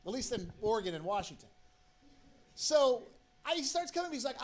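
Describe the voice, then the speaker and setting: A man's voice: high voice, big pitch swings, fairly quick. A man telling a rambling, profane story on stage as a stand-up comedian.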